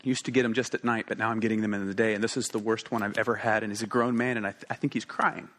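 A man in his thirties preaching a sermon as a story, moving between quick conversational asides and slow, emphatic pauses. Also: lowish voice, level tone, a bit bright.

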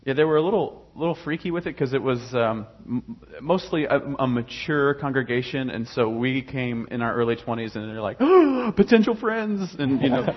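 A man's voice: medium pitch, dull audio, slight background noise. A young adult man casually telling his personal faith story, rambling with many fillers and restarts.

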